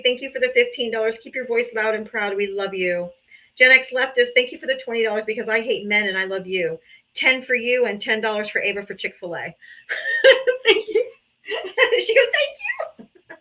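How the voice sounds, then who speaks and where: Lo-fi audio captures a woman speaking fairly quickly in a high-leaning, pushed, bright voice. She's hosting a livestream on her streaming setup, reading out donations and thanking supporters casually, emotional and grateful, occasionally laughing or sighing.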